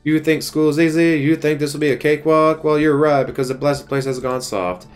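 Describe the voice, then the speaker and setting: A man voicing a gruff, middle-aged drill-sergeant history teacher from a game, barking insults at his class. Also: on the high side, steady tone, brisk, soft background music, pitched above the performer's own voice, close to an everyday voice.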